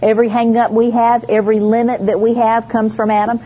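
Fairly high-voiced woman preaching a sermon. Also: level tone, brisk, warm tone, slightly rough, lo-fi sound. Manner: emphatic, storytelling with quoted voices. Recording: faint background noise.

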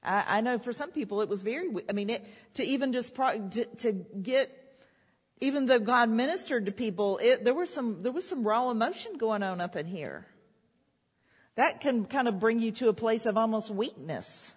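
A woman's voice: fairly high pitch, animated, normal speed, husky. A woman preaching a sermon, repeating declarations with rising emphasis. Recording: long hall reverb.

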